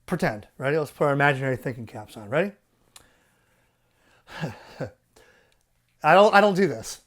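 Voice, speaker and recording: A man hosting a ham radio channel, ranting in an animated, exasperated and profane way. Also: a little high, normal speed, long pauses. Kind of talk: ranting commentary.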